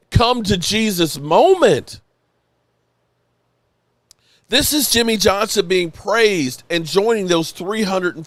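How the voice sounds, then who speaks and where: Sports-channel host, male, a bit tipsy, emotional and rambling, slightly high voice, dry close sound. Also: dry recording. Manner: excited, rambling, emotional, swears freely. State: tipsy from rum. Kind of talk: live-stream reaction.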